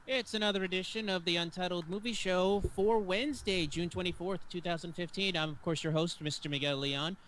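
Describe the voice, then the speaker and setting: A man hosting a casual online movie podcast, wandering and correcting himself mid-sentence. His voice is a little high and bright, with faint hiss in the background. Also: fairly quick, hardly any pauses, poor audio. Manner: rambling, self-correcting. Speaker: host.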